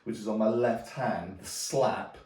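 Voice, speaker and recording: Man, drum teacher, relaxed explanations, slow delivery, roomy distant sound, drumming in between. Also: fairly low pitch. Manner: relaxed, explanatory, checks in with "okay?". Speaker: djembe teacher. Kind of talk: demonstrating drum technique. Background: djembe drumming.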